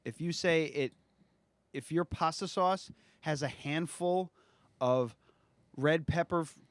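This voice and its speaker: A man's voice: fairly high pitch, takes it slowly, no room sound. A man, casually co-hosting a podcast, swearing and laughing as he mocks mispronounced food words. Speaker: podcast co-host. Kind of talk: casual chat.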